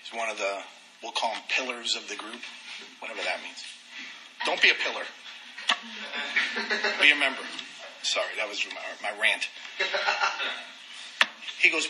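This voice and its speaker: A man candidly telling his own recovery story, animated and self-deprecating. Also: fairly low pitch, a little slow, long pauses, background noise. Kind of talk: personal testimony talk.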